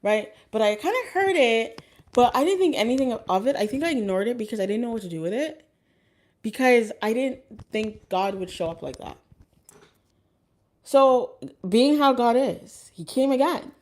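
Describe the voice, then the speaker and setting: A woman's voice: on the high side, lively intonation, moderate pace, a little mellow. A woman telling a personal story in a casual, rambling way, with many fillers and restarts. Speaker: vlogger.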